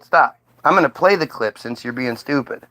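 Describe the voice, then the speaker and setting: A man's voice: mid-range voice, expressive, moderate pace, bright, forceful tone, rough recording. An American man arguing with an AI voice in blunt, insistent casual talk. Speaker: streamer questioning an AI.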